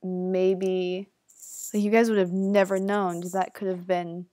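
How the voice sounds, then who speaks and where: A woman's voice: medium pitch, level tone, normal speed, mellow. A young woman hosting a casual livestream Q&A, joking around and dropping into whispered asides. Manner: playful, jokey, drops into whispered asides. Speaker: livestream host.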